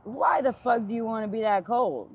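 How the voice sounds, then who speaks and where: A woman's voice: a little high, normal speed, husky. A woman chatting outdoors in the freezing cold on a clip-on jacket mic, ranting bluntly and swearing freely. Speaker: vlogger. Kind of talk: casual outdoor chat.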